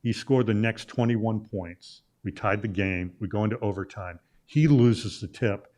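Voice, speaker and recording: A man's voice: fairly low pitch, unhurried, a little mellow. A middle-aged man from Illinois, a sports journalist guesting on a talk show, telling a long story casually with lots of "uh" fillers and restarts. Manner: rambling anecdote with many "uh" fillers and restarts.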